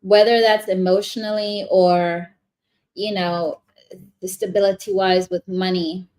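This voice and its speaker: A woman's voice: medium pitch, flat delivery, measured pace, darkish tone. A woman giving a casual live tarot reading, chatty and rambling, often restarting her sentences. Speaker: tarot reader.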